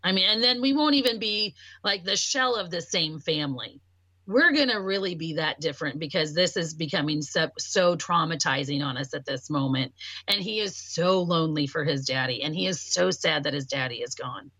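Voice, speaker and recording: In a close, dry recording, a woman speaking at a moderate pace in a low-pitched yet bright, clear voice chats on a casual podcast. She recounts her personal story with animation, performing the voices of those she quotes.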